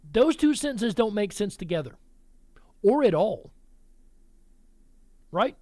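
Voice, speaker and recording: A man's voice: high voice, animated, a little slow, long pauses, dark tone, dry recording. A man hosting a political commentary show, blunt and combative, talking straight to his listeners. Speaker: host.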